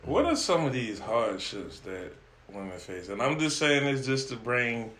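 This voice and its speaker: A man's voice: mid-range voice, sing-song, a little slow, fairly bright tone. A man hosting a casual group podcast, who laughs often and prompts his guests by name to speak. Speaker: podcast host.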